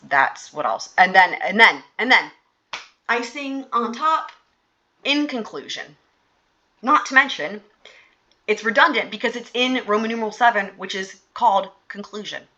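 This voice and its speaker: A woman's voice: medium pitch, pushed and bright, highs cut off. A woman host giving casual, sarcastic and exasperated commentary on court filings.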